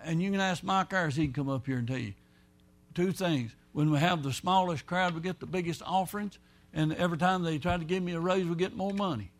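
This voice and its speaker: A pastor preaching a folksy, rambling sermon, swinging between loud and soft. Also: male voice, on the high side, a little fast.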